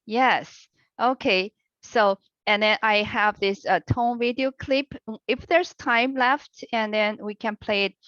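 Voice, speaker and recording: A woman teaching an online language class over a video call, with a patient, encouraging manner and unhurried explanations. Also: fairly high pitch, steady tone, fairly bright tone, no room sound. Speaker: online Chinese language instructor. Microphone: computer mic on a video call. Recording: lo-fi video-call audio, dry.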